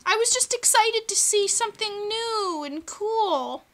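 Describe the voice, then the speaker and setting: A woman's voice: very high-pitched, animated, unhurried, a bit bright. A woman hosting a video game let's play, chatting playfully and talking to the creatures on screen. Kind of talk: gaming commentary.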